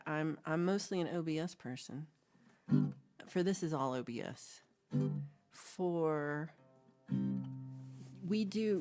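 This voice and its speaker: A woman's voice: lowish voice, darkish tone. A woman co-hosting a livestream, chatting casually and reading out comments in a rambling, giggly way with playful asides. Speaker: livestream co-host.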